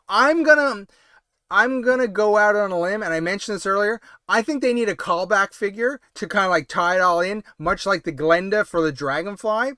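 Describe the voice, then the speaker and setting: A man's voice: high-pitched, bright, forceful tone, smooth, dry recording, clean studio sound. A man hosting a late-night toy-collecting livestream, chatting casually and rambling with lots of hedges and fillers. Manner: rambling, hedging with many ums and I means. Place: home, late-night stream.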